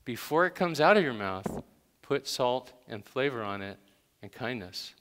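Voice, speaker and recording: A man's voice: medium pitch, animated, measured pace, a bit bright, in a large hall. A man preaching a sermon in a conversational way, with sudden emphatic bursts. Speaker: pastor.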